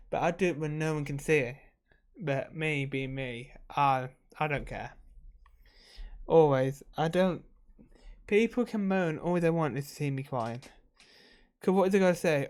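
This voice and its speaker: A man's voice: a little high, measured pace, darkish tone, clean tone. A man talking to camera in a casual, rambling vlog, emotional and swearing freely while he drinks. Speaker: vlogger.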